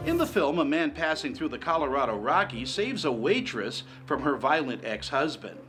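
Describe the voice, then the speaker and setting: A man's voice: fairly high pitch, sing-song, normal speed, over music. A man reading a scripted film review for a TV segment in a polished manner. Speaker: film critic.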